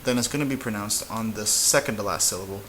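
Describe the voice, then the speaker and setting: Male language teacher, relaxed and halting at the board, slightly low voice, light hiss behind. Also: poor audio. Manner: relaxed, halting, with many fillers and restarts. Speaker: Spanish teacher. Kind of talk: casual whiteboard lesson.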